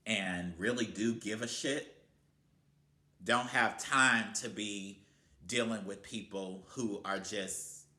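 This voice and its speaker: A man's voice: sits low, pushed and bright, reverberant. A man giving a blunt, heated motivational rant to camera, swearing constantly. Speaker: vlogger.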